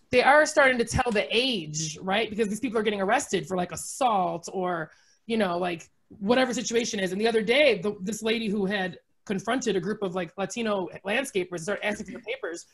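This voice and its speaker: A woman in her forties doing a sarcastic, animated stand-up comedy set, laughing often between jokes. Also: fairly high pitch, brisk. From United States. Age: 40s.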